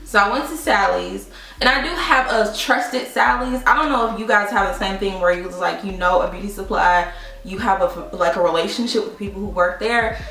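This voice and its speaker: A young adult woman vlogging a casual product review, telling her story in an animated, chatty way with frequent laughs and asides to viewers. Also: medium pitch, fairly quick, vocal fry. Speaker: beauty vlogger. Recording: roomy, distant mic with faint music.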